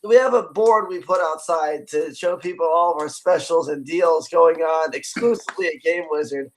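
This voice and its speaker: A man's voice: a little high, moderate pace. Scratchy-voiced man hosting a live stream. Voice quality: scratchy, just-woke-up voice. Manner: reads viewer comments aloud, rambling. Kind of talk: casual live stream chat.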